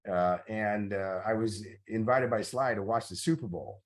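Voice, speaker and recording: Speaking at a fairly low pitch and moderate pace, this middle-aged man coaches motivation in a master class. He shares stories and leans on many fillers along the way.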